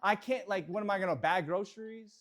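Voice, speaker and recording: In an office, a man gives his real estate team an energetic pep talk, swinging between quiet reflection and shouted affirmations. His voice sits high and he speaks fairly quickly.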